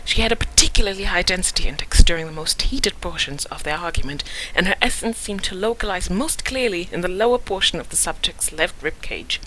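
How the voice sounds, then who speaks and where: A woman voicing a fussy, self-important woman researcher, hushed and precise. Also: lowish voice, slight background noise, rough recording.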